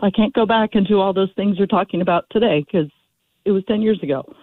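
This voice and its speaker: A woman from California calling into a talk show, emotional and halting, with many restarts. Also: mid-range voice, no room sound. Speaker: caller. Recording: tinny phone line.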